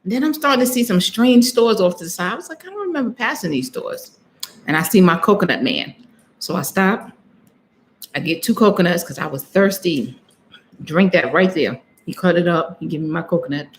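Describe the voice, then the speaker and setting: A woman's voice: lowish voice, expressive, a little fast, a little hiss or hum. A woman vlogger telling a travel story on a live stream, chatty, laughing often and acting out what she said, and talking straight to her viewers.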